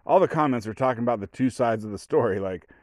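A man's voice: medium pitch, lively intonation, fast, a little mellow, no room sound, clean studio sound. A man hosting a solo podcast, telling a story in a rambling way and often stopping mid-sentence to restart. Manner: rambling, self-interrupting storyteller. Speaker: podcast host. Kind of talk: solo casual podcast monologue.

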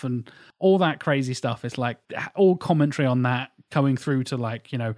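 A man chatting enthusiastically on a podcast, full of quick asides. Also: mid-range voice, a little mellow, dry recording, clean studio sound. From England. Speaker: podcast guest. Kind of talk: casual chat.

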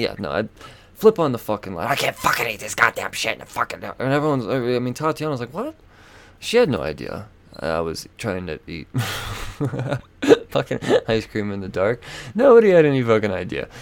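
A man's voice: fairly low pitch, vocal fry. A man hosting a podcast, telling a rambling, profane and self-mocking story in a casual way, with lots of fillers. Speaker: podcast host.

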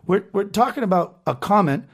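A man hosts a loose, profane podcast and rants as he reads out online comments. His voice sits somewhat high for a man. He swears freely and talks in a casual, running way. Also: animated, fairly quick. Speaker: podcast host.

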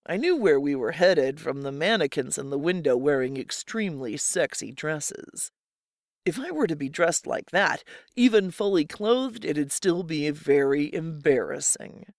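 A narrator reading a first-person story in a steady, measured way. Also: medium pitch, no room sound, studio quality. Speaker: audiobook narrator.

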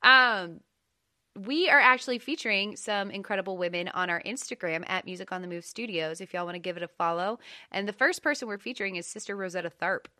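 A woman's voice: mid-range voice, fairly quick, no echo, studio quality. A young adult woman, co-hosting a casual podcast chat, giggly and playful. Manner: giggly, animated, playful with silly voices. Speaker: podcast co-host.

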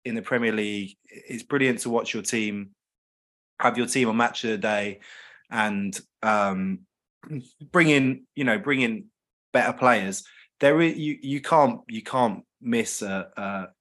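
Guy, excited about football, keeps restarting his sentences. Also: lowish voice, unhurried. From South London, England. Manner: enthusiastic, restarts a lot. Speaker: podcast guest, business owner. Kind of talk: casual chat.

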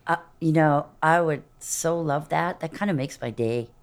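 Middle-aged woman vocal coach, slightly low voice, animated, demonstrates sounds as she explains. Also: moderate pace. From Texas. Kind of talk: casual interview chat.

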